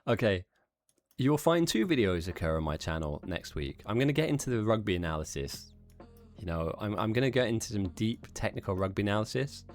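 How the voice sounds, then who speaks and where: A man's voice: fairly low pitch, expressive, fairly quick, dry recording. Chatty man commentating a game. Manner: chatty, self-mocking, rambling asides to chat. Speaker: tournament commentator and streamer. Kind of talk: live esports commentary.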